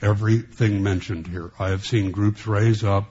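A man preaching a sermon as a pastor, speaking in a halting way with many restarts and flashes of sarcasm. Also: on the low side, fairly even intonation, a little mellow, husky, highs cut off.

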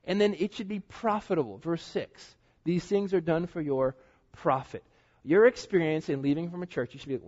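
A middle-aged male pastor gives an earnest, chatty sermon in a church, his slightly high voice carrying a husky edge. The recording is dull and lo-fi. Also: a little fast, darkish tone. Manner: conversational, earnest preaching with asides.

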